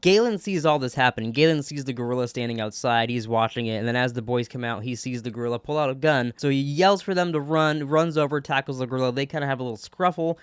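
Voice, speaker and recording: A man's voice: mid-range voice, fast, hardly any pauses, smooth, no room sound. A man casually recapping a TV episode, rambling, swearing and laughing at himself. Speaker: TV episode reviewer.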